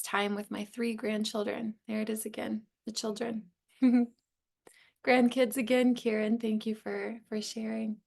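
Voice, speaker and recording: A woman leading a guided mindfulness session, calm and reflective, affirming people as she reads out their replies. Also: on the high side, vocal fry. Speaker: meditation teacher.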